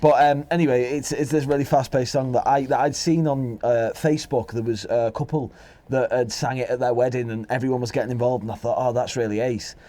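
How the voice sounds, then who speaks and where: A man's voice: mid-range voice, fairly even intonation, brisk, hardly any pauses, warm tone. A young Welsh man with a Welsh accent, co-hosting a podcast in casual chat, telling a rambling, chatty anecdote. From Wales. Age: young adult. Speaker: podcast co-host.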